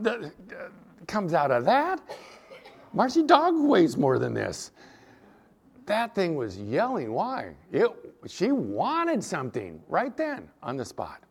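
Lively, animated male preacher. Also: fairly high pitch. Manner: animated storytelling, acting out quotes. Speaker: pastor. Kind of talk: sermon.

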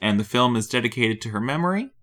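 A man with a mid-range voice talks at a quick pace while co-hosting a relaxed podcast about a film. He's animated and wry, cracking jokes with a straight face.

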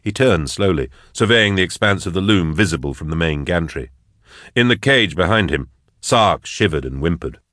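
A man narrating an audiobook in a measured, even way. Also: deep voice, no echo, clean studio sound.

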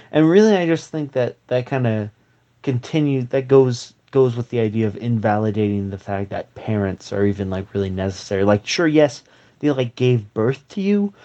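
A man's voice: on the low side, mellow. A young man performing a comedy sketch monologue as a smug forum user, mock-serious and hesitant with fillers. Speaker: comedian playing forum users. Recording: slightly dull, dry recording.

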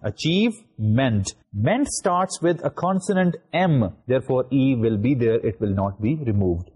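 A middle-aged Pakistani man delivers a recorded university lecture, spelling out words letter by letter and leaning on fillers like "you know". His voice is husky and mellow, and his pitch swings widely. He speaks English with a Pakistani accent. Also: lively intonation, measured pace.

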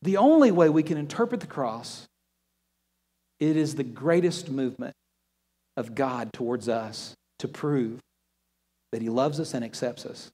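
A man preaching a sermon and telling a story, often repeating words as he restarts a thought and dropping to a hushed voice for emphasis. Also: mid-range voice, lively intonation, unhurried, pauses often. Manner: storytelling, drops to a hushed near-whisper for emphasis. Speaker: pastor. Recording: long reverb of a large hall.

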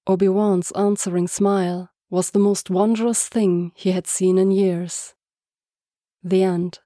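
A woman reading a story aloud as narrator, soft-spoken and even. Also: medium pitch, takes it slowly, no echo, clean studio sound. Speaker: podfic reader. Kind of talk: scripted narration.

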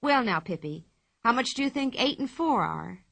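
A woman reading a storybook aloud, voicing a kind, patient schoolteacher in a friendly, measured way. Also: fairly high pitch, animated, creaky, a bit bright, dry recording, pitched above the performer's own voice, heavily acted.

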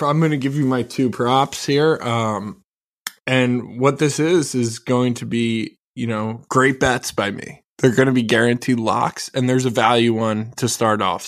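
A man talking up his sports bets with brash confidence. His voice sits in an everyday middle pitch, and he calls each pick a guaranteed lock in a loose, chatty way. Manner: boastful, animated. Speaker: sports betting co-host. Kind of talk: casual sports betting talk.

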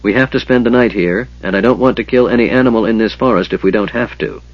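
A man voicing a patient, steady male half-elf leader who reasons calmly with his companions. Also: fairly low pitch, fast talker, dry recording, highs cut off, close to an everyday voice. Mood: firm.

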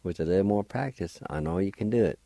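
On this radio language program, the male teacher and host spells out words one letter at a time and patiently encourages practice. He's a fast talker with a deep, creaky, dark voice, recorded dry.

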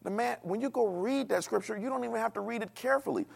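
A man preaching a sermon in a dialect, animated, asking the congregation questions and acting out the voices of the people he quotes. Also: very high-pitched, fast, vocal fry. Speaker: pastor.

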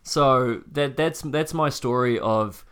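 A young man co-hosting a casual podcast, telling a story with animated repeats when worked up. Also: mid-range voice, slow, clean tone. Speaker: podcast co-host.

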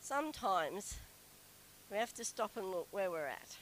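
A middle-aged woman telling a personal story to an audience in a chatty, animated way. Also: unhurried, slight background noise, poor audio. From Australia. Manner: chatty, animated, acts out quoted whining in a high voice. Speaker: speaker telling a story to a group.

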